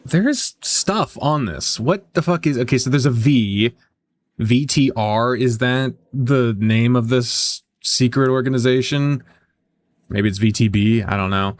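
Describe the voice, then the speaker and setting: A man's voice: medium pitch, unhurried, soft background music. A man playing a tabletop game, chatting out of character, jokey, rambling and swearing freely. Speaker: player. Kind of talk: casual out-of-character game chat.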